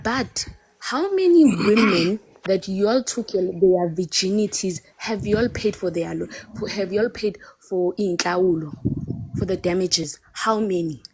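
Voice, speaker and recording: A woman's voice: mid-range voice, measured pace, a little mellow, slightly rough. A South African woman arguing heatedly on a live-stream call, emphatic and defensive as she pushes back on the men on the panel.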